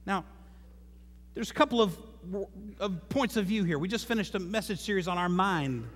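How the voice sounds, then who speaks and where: A man's voice: sits high, expressive, normal speed. A man preaching a sermon as pastor in a church, conversational, with joking asides. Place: church sanctuary. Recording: long hall reverb.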